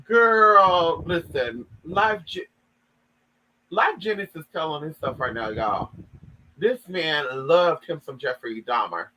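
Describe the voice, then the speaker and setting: A man's voice: on the high side, animated, slow, dull audio, slight background noise. A man giving sassy, dramatic gossip commentary, reading a story aloud and reacting to it.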